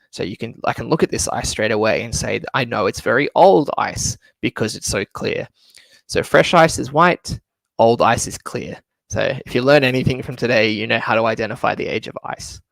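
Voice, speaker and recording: A man's voice: medium pitch, gravelly, no room sound. A man giving a casual, chatty travel talk over slides in an online session, often laughing as he speaks. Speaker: travel presenter. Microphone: computer mic for an online session.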